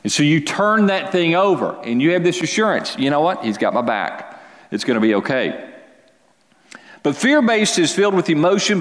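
A man preaching a sermon as pastor, speaking earnestly and conversationally, restarting phrases and pausing for emphasis. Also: on the high side, fairly bright tone. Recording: long reverb of a large hall.

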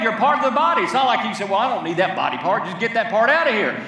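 Male pastor, high animated voice, impassioned sermon with call-and-response, distant in echoey church hall. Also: a little fast. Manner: impassioned, repeats lines for the congregation to echo. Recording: echoey hall, heard from far off.

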